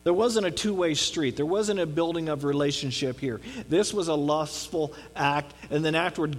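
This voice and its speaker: A man's voice: fairly high pitch, normal speed, few pauses. A man giving a conversational sermon on a Bible passage in an earnest way, often checking in with his listeners. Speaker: pastor.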